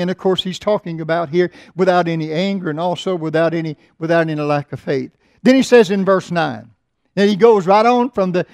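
A man's voice: no echo, studio quality. Emphatic preacher man. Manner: emphatic preaching, swings loud and slow on scripture, drops low for asides. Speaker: pastor. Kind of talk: sermon. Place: church sanctuary.

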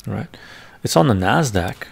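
A man's voice: fairly low pitch, animated, a little slow, creaky, slight background noise. A man, the host, talking casually and thinking aloud as he browses stock charts, often muttering to himself. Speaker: finance video host. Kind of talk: casual screen-share commentary. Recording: ASMR-style close mic.

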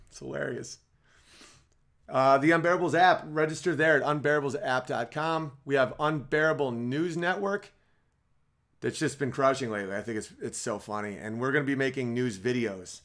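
A man's voice: medium pitch, fairly bright tone. A man hosting a podcast livestream in a casual comedic monologue, rambling with stammered restarts and side jokes. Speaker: podcast host.

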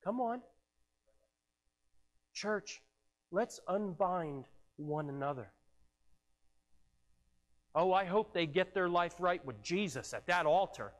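A man's voice: high-pitched, expressive, takes it slowly, pauses often. A man preaching a sermon as pastor, earnest and stumbling over repeated words as he presses his point. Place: church sanctuary. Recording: long hall reverb.

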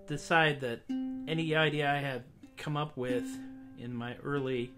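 Man, mid-pitched, chatting wryly to his webcam audience, guitar in the mix. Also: fairly even intonation, a little slow. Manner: wry, self-deprecating, rambling. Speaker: singer-songwriter host. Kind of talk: casual solo livestream chat.

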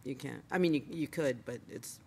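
A man's voice: mid-range voice, moderate pace, gravelly, mellow, husky. A young man chatting casually as a podcast guest, joking, laughing often and rambling with lots of fillers. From Mexican-American from Fort Worth. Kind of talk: casual chat.

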